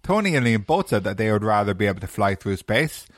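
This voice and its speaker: A man's voice: on the low side, sing-song, fast, dry recording. A young Irish man hosts a casual podcast chat with a mid-range voice. He teases his friends and laughs as he talks. The sound is dry and close. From Ireland. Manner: teasing, asks the questions, laughs while talking. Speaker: podcast host.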